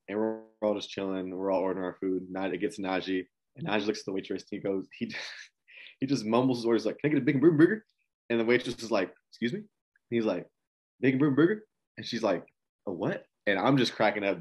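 A man's voice: low voice, a little mellow, highs cut off. A man telling an amused story about an old friend, laughing as he goes. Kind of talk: anecdotal interview storytelling.

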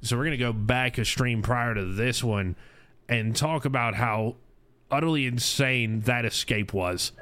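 A man's voice: mid-range voice, unhurried, fairly bright tone, no echo. A man in his thirties hosting a casual recap chat about his stream, rambling with lots of fillers and restarts. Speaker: streamer and podcast host.

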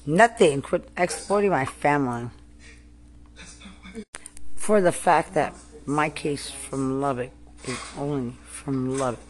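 A woman in an angry personal rant, furious and accusing, repeating herself, cursing and often yelling. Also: rumbling low, slow pace, pauses often.

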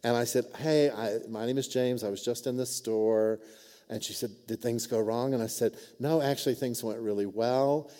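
A man preaches in a relaxed, conversational sermon style, often checking in with his listeners. His voice is mellow and mid-pitched, and it rings out with the long reverb of a church sanctuary. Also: moderate pace. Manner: conversational, frequent "right?" and "amen?" asides. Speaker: pastor. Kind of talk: sermon with storytelling.

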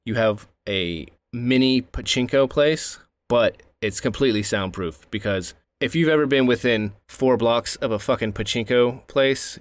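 A man from the South, chatting casually as a podcast co-host, joking and swearing a lot. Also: lowish voice. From American South. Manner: profane, joking, animated storytelling. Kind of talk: casual chat.

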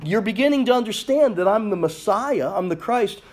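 A man retelling the words of an earnest teacher explaining his mission in a quiet, plain voice within a sermon. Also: high-pitched, lively intonation, moderate pace.

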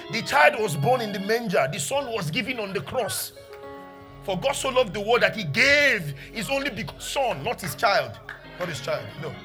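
Male pastor, animated high-pitched preacher, bursts loud then drops to teaching tone. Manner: emphatic preaching, swings from loud exclamations to quiet teaching. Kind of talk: sermon.

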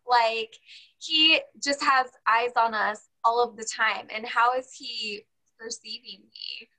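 Bright-voiced chatty woman. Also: a little high, rough recording. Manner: rambling, heavy use of "like" and "you know". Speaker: podcast co-host. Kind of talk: casual podcast chat.

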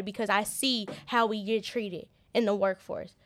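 A young woman telling a personal story as an interview guest. She talks in halting starts and often repeats words in earnest. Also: medium pitch, steady tone, no room sound. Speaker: interview guest, business owner.

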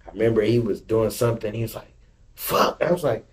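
A man's voice: lowish voice, flat delivery, racing, dark tone. A man hosting a podcast, chatting casually in a laid-back, slangy way about his kids. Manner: laid-back, slangy, laughs while talking. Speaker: podcast host. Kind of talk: casual chat.

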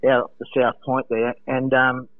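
An Australian man calling in to a radio show from home, telling stories in an animated way, laughing often and acting out quotes. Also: mid-range voice, measured pace. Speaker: guest, former lifeguard. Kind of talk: casual storytelling on a radio call. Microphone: phone. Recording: tinny phone line.

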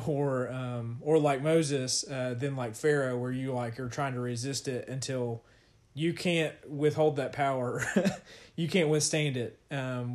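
A man casually discussing and reading scripture with a co-host, talking loosely with fillers and light laughs. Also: medium pitch. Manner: conversational, with fillers and laughter, reads scripture aloud. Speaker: podcast co-host teaching scripture. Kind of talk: casual Bible study discussion.

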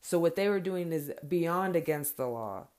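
A middle-aged woman, a mother, ranting in a casual and angry way, swearing often and breaking into loud bursts. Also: fairly low pitch, expressive, normal speed. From Mexican heritage, raised in America. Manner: profane, heated, confrontational, with sudden loud bursts. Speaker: parent speaking her mind.

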